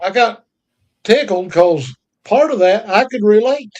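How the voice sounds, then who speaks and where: Man, high-pitched voice, folksy drawl, country sayings, chatty podcast co-host. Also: expressive, unhurried, a little mellow, highs cut off. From North Carolina. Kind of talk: casual chat.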